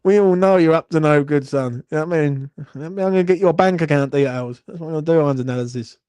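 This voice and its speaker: A man's voice: on the high side, quick pace, darkish tone, clean tone, no echo. A young man, hosting a live horse racing watchalong, swearing and grumbling in a rambling way. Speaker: watchalong host.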